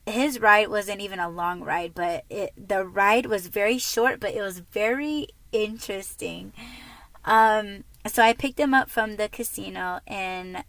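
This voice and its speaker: A woman's voice: mid-range voice, fairly bright tone, no room sound, poor audio. A woman hosting a podcast, telling casual stories in a chatty way with lots of fillers and laughs. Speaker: podcast host. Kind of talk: casual storytelling monologue.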